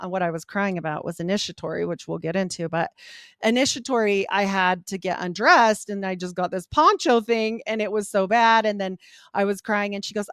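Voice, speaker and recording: Middle-aged woman, podcast guest, animated storytelling, dry close sound. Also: mid-range voice, a little fast, no echo. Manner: animated, quotes people in voiced asides. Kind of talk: candid storytelling interview.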